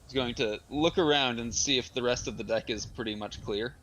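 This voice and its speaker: A man's voice: mid-range voice, a little fast, fairly bright tone, slight background noise, poor audio. A man playing in a tabletop game, joking and laughing as he describes his moves. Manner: playful, laughing. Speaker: player.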